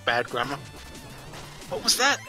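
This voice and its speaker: A man's voice: medium pitch, huge pitch swings, unhurried, sharp tone, soft background music. A man on a casual voice-chat stream who makes blunt, wisecracking jokes. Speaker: friend on a stream.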